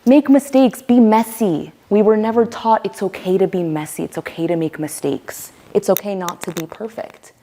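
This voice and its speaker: Woman workshop leader, a bit low-pitched, emphatic and demonstrative. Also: fairly quick, hardly any pauses, mellow. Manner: emphatic, demonstrates voices as she explains. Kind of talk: teaching a voice workshop.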